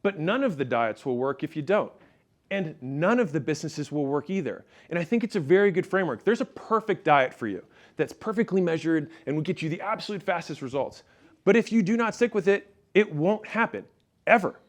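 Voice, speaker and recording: A man with a voice a bit higher than most men's gives a motivational business talk. He is punchy and tells stories, and he speaks directly to his listeners. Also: animated, brisk. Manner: storytelling, punchy, talks straight to the audience.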